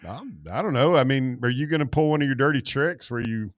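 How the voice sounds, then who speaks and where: A man's voice: mid-range voice, fast talker, no echo, clean studio sound. A man co-hosting a sports talk show, joking and teasing his co-hosts in casual banter. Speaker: sports radio co-host.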